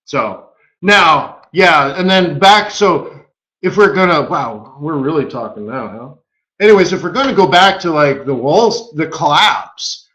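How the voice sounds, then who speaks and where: A man hosting a live trading webinar, telling stories in a casual, animated way and acting out the voices of the people he quotes. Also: on the high side. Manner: animated storyteller who acts out quoted voices. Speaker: forex market strategist and webinar host. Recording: echoey room, dull lo-fi audio.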